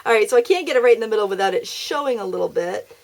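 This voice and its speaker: A woman's voice: a little high, lively intonation, racing. Chatty upbeat woman hosting a craft tutorial. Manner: chatty, self-deprecating and upbeat. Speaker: craft video host.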